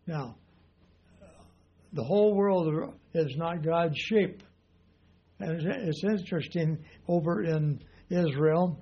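A man's voice: a little high, lo-fi sound. An older man preaching a conversational sermon in a folksy, rambling way, full of "you know" asides.

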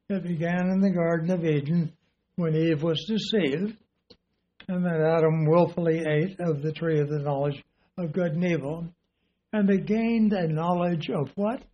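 A male preacher with a fairly high voice delivers a sermon at an unhurried pace. He teaches deliberately and poses rhetorical questions to his congregation. The recording sounds dull and lo-fi. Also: dark tone.

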